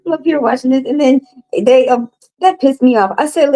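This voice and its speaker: A woman hosting a casual livestream card reading, talking loosely and profanely to viewers, her voice leaping up high when she reacts. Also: normal speed, dark tone, rough recording. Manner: loose, profane, chatty, talks straight to viewers.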